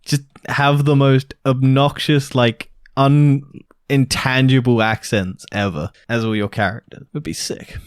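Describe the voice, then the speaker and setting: A man's voice: medium pitch, fairly even intonation, a little slow, clear, resonant tone, no room sound, studio quality. A young man co-hosting a casual podcast chat, blunt and teasing, with the odd swear. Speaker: podcast co-host.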